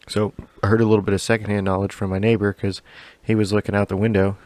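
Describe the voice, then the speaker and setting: A podcast co-host tells a long story in a loose, rambling way, swearing often and laughing along as he goes. His voice sits on the low side with a darkish tone, and his delivery is flat and fast.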